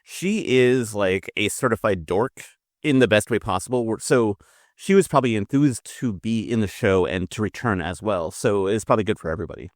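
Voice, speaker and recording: A man's voice: fairly low pitch, a little fast, no room sound, studio quality. A man co-hosting a podcast in casual, jokey chat, laughing often. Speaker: podcast co-host.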